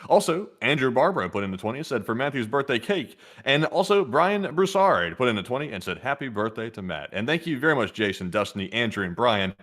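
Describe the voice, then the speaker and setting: A man's voice: mid-range voice, very animated, quick pace, hardly any pauses, a bit bright. A man in his twenties co-hosting a live stream, reading out donor names and messages in a friendly way and sometimes stumbling over words. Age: 20s. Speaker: co-host reading donations.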